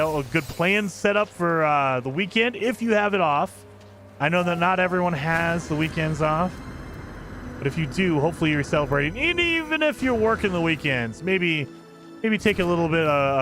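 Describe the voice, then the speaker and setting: A man with a somewhat high voice chats his way through a live game stream, rambling and restarting his sentences as he goes. He talks into a desk mic, and soft game music plays behind him. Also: lively intonation, brisk. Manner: rambling, loose commentary with frequent restarts. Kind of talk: casual live-stream chat.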